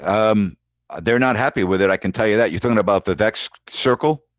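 Blunt, low-voiced male host. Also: brisk, no room sound, highs cut off. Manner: blunt, emphatic, repeats himself for emphasis. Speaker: show host. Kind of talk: casual call-in chat and storytelling.

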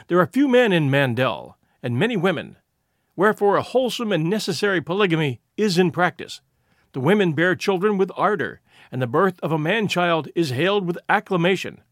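Expressive male storyteller, dry close sound. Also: sits high, no echo. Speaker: narrator. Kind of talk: storytelling reading.

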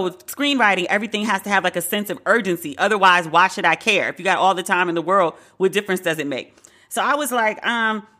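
A divorced woman hosting a podcast, telling a candid dating story with lots of swearing and acted-out quotes. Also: mid-range voice. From Brooklyn. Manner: animated, profane, acts out quoted dialogue. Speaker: podcast host.

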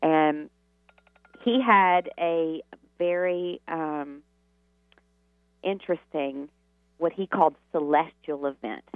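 A woman's voice: deep voice, slow pace, pauses often, dry recording. Woman guest, rambling storyteller, tinny phone-line sound, dry. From Southern United States. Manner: rambling, with many fillers and restarts. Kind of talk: storytelling interview answers.

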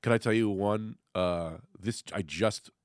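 A man hosting a casual podcast chat, telling rambling stories in an animated way on a studio microphone. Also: fairly low pitch, measured pace, no echo. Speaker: podcast host.

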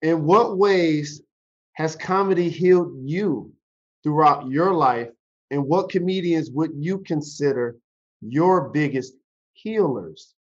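A podcast host who is a former pro athlete asks interview questions and reflects earnestly on his own losses. His voice is a little high, his manner slow and deliberate, and the audio has its highs cut off.

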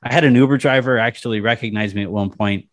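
A man's voice: mid-range voice, fast. A man who writes about sports, a guest on a casual podcast, rambling with lots of restarts. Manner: rambling, many restarts, animated storytelling.

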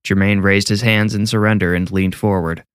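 A young man narrating a horror story in a steady, measured reading. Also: lowish voice, smooth, no echo, clean studio sound.

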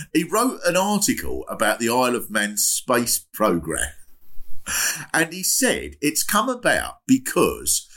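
A man's voice: mid-range voice, a bit bright. An older man hosting a comedy podcast, riffing chattily and mocking himself, slipping into silly voices for quotes. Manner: chatty, self-mocking, breaks into laughter; puts on comic voices for quotes. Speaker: podcast host. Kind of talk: comic monologue.

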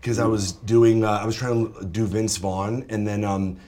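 A man talking as a comedian guest in casual chat, with a stuffy, nasal voice and halting speech. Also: lowish voice, steady tone, mellow. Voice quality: stuffy, nasal, as if he has a cold.

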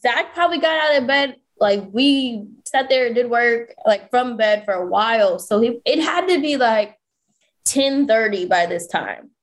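A woman hosting a podcast, telling a story in an animated, profane, casual way with lots of "like" fillers. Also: fairly high pitch, a little slow. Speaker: podcast host.

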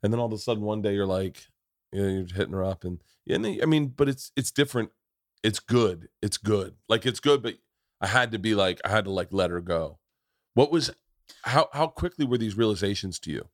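Low-voiced man telling a profane story. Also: brisk, no room sound, clean studio sound. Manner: profane, animated storytelling with acted-out quotes. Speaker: podcast host. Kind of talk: casual chat, storytelling.

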